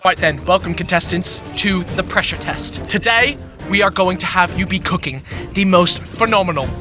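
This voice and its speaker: A man's voice: high-pitched, moderate pace, music in the background, natural voice. A young man imitating a stern male TV chef judging dishes, speaking in clipped pronouncements. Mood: pompous.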